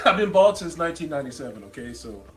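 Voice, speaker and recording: A man's voice: on the high side, big pitch swings, fast talker, faint music behind. A man joking and laughing through a casual clip as he gets a hair system.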